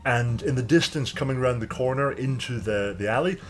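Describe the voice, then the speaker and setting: A man's voice: mid-range voice, a little fast. A young man narrating a tabletop game as game master, descriptive and full of fillers. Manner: descriptive, hesitant, many fillers.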